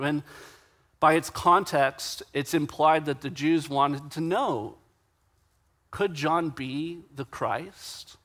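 A man preaching a sermon in a conversational way, slowing down for emphasis and acting out the quoted dialogue. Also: on the high side, a bit bright. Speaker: pastor.

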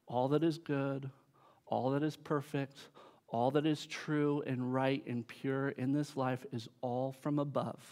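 A man in the middle of a sermon, preaching with emphatic force. His voice sits at an ordinary middle pitch, and his force swells and drops back as he preaches. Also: darkish tone. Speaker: pastor.

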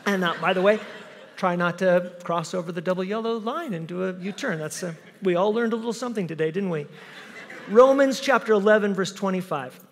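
A male pastor preaching a sermon and telling a lively personal story, acting out the other people in it. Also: high voice, brisk, in a large hall. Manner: animated storyteller, acts out voices in anecdotes. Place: church sanctuary.

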